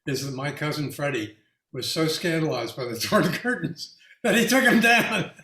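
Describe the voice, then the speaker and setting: Halting, echoey-voiced male artist. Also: on the high side, animated, noisy background. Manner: halting with many restarts, laughs while telling anecdotes. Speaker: featured artist answering audience questions. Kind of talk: reflective casual talk.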